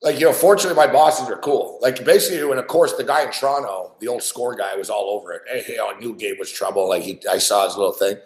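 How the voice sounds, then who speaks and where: A man's voice: mid-range voice, quick pace, hardly any pauses. A man hosting a podcast, telling a rambling story in casual chat with lots of swearing. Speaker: podcast host. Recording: roomy echo.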